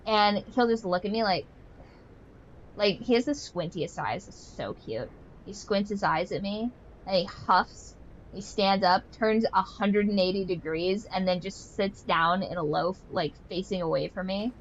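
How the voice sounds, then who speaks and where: A young woman chatting away while she streams a game, her mid-pitched voice full of filler words as she rambles through stories. She sounds playfully exasperated, and a faint hiss sits under her talk. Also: a little slow, highs cut off. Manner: animated storyteller, playfully exasperated. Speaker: gaming streamer. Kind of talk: casual chat while playing a game.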